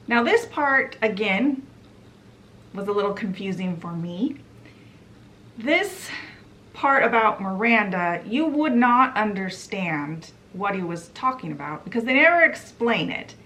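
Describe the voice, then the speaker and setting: A woman's voice: mid-range voice, lively intonation, a little slow, fairly bright tone. A woman who runs a book vlog, giving a chatty, casual book summary and putting on voices for the quotes. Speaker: book vlogger.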